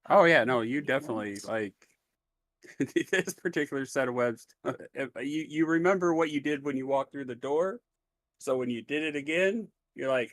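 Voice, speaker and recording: A man's voice: medium pitch, moderate pace, a bit bright, dry recording. A man running a tabletop game as game master, describing the scene in a laid-back, easygoing way with plenty of fillers.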